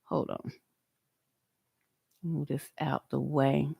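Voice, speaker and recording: A woman's voice: extremely low pitch, fairly even intonation, slow, vocal fry, warm tone, husky, dry recording, studio quality. A woman doing a reaction video, answering a man confrontationally, drawling and repeating words for emphasis. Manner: confrontational and mocking, talks straight at the person she answers. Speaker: YouTube commentator.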